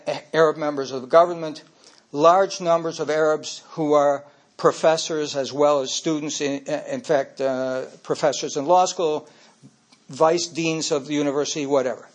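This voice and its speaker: An older man giving a speech, telling personal stories in an anecdotal way and getting emotional as he speaks. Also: on the high side.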